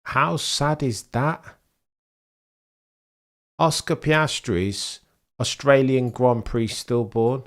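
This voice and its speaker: A young British man hosting a live sports watchalong, chatting with viewers and reacting to the race in a rambling, excitable way. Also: mid-range voice, extremely slow, pauses often. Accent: British English. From England. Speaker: livestream host. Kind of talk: live sports watchalong commentary, reading chat.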